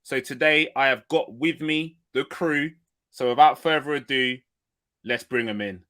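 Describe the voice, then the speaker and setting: A man hosting a football podcast in an excited, chatty way, full of energy as he brings in his co-hosts. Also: mid-range voice, measured pace. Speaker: podcast host. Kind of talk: excitable casual podcast chat.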